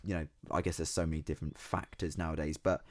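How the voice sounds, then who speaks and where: Deep-voiced man, animated chat. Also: fast talker. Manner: animated, laughs often, swears freely. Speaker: podcast guest. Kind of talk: casual chat.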